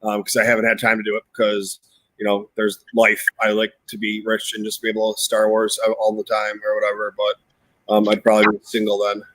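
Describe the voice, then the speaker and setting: A man's voice: lowish voice, completely flat delivery, brisk, fairly bright tone, dry recording, poor audio. A man co-hosting a casual live chat, rambling with lots of fillers and restarts. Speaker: co-host.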